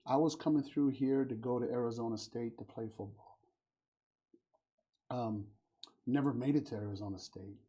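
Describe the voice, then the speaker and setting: A middle-aged man hosting a relaxed conversation, his voice husky with a mellow, dark tone. He tells long personal stories and acts out what the other people in them said. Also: medium pitch, moderate pace, long pauses. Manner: warm storytelling, acts out quoted voices. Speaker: podcast host. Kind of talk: casual conversation.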